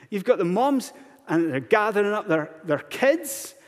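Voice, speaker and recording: A pastor in a church sanctuary preaches a sermon, posing one earnest rhetorical question after another to the congregation. His voice sits high and is very animated, yet slow. A long hall reverb fills the recording.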